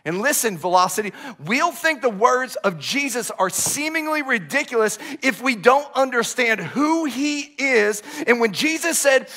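Young adult man, pastor, lively sermon, high pitch, bright tone. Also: moderate pace, hardly any pauses. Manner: animated storytelling, swinging from loud outbursts to hushed, low asides.

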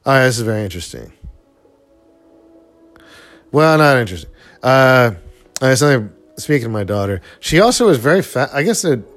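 A man's voice: mid-range voice, sing-song, fairly quick, pauses often, a bit bright, faint music behind. A middle-aged man giving casual, rambling commentary over a movie, full of fillers and small chuckles. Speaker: film commentator.

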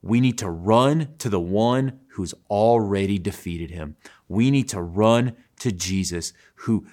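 A man delivers a sermon in an earnest, driving way. His voice sits fairly low, and he keeps repeating key phrases for emphasis. He often stumbles and restarts his sentences. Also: unhurried, darkish tone. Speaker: preacher.

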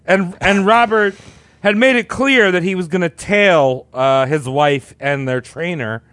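A man's voice: sits high, a little slow, fairly bright tone, no echo. A man casually telling a crude story on a podcast, rambling and acting out quotes. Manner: rambling, profane, acts out quotes.

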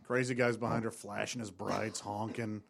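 A man's voice: on the low side, flat delivery, normal speed, gravelly, slight background noise. A man in casual comedic chat, telling anecdotes and giggling through them.

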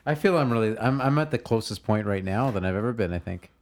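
Young male co-host, lower voice with lively swings in pitch, self-deprecating, laughs a lot. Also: fast. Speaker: podcast co-host. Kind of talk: casual chat.

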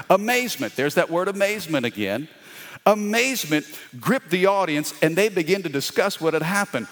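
A man's voice: on the high side, fairly bright tone. A male pastor preaching a sermon with call-and-response and folksy asides. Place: church sanctuary. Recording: long hall reverb.

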